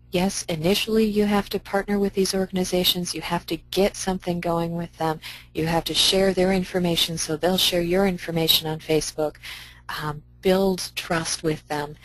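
A woman library director gives a conference presentation in an upbeat, conversational way, offering practical advice. Her voice sits a little low. The sound is dry and close, with no room echo.

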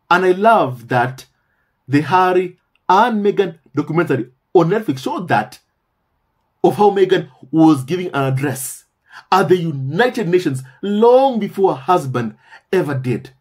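A man's voice: a little high, husky. A man hosting a commentary channel, talking in a casual monologue, emphatic and repeating phrases for stress, often calling his viewers "my family".

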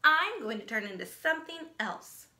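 A woman's voice: a little high, sing-song, moderate pace, pushed and bright, exaggerated voice. A woman voicing a proud, bragging young female caterpillar in a read-aloud storybook. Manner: boastful, showy. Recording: echoey room.

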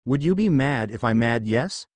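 A man's voice: mid-range voice, animated, normal speed, no echo, natural voice. A man voicing a whiny, sheepish male three-headed dragon in a fan story reading. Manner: whiny, cheeky.

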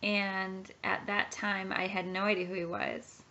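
The dull, lo-fi audio captures a woman in her thirties in her home nursery, earnestly and heartfelt sharing her Christian testimony for a vlog. Her voice is medium-pitched and unhurried, with a sharp tone and little pitch movement.

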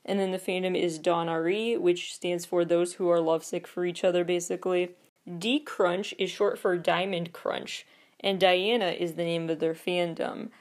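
Woman host, low-pitched, chatty and opinionated, casual commentary read. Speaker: podcast host.

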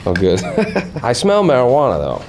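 A man's voice: mid-range voice, huge pitch swings, normal speed, crowd noise. A man being interviewed as an actor, teasing and wry, laughing easily. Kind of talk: joking interview.

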